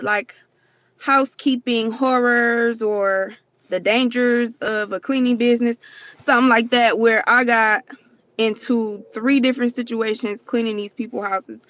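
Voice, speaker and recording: Chatty, bright-voiced woman on a livestream. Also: on the high side, no echo, highs cut off. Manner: chatty and profane, keeps addressing viewers. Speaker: livestream host. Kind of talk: casual livestream chat.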